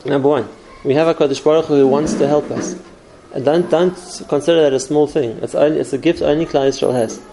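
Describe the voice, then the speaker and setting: A man's voice: on the high side, fairly even intonation, quick pace, hardly any pauses, mellow, slight background noise, low-quality recording. A man giving an earnest spoken Torah class, explaining step by step with numbered points. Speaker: Torah teacher.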